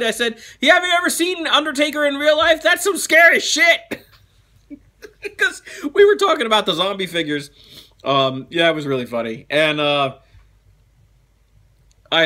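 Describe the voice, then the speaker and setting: A man hosting a toy show, reading fan mail in a chatty, animated way with frequent laughs and asides. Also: sits high. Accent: New Jersey.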